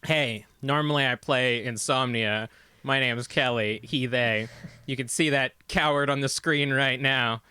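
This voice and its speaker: A man's voice: mid-range voice, steady tone, unhurried, sharp tone, clean tone, no room sound. A man introducing his character as a player in a tabletop game, joking and laughing between phrases. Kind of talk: casual live-stream chat.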